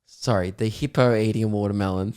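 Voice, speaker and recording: A young Australian man hosts a casual podcast chat. He tells stories in an animated way, laughing often and swearing freely. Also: lowish voice, brisk, smooth. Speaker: podcast host.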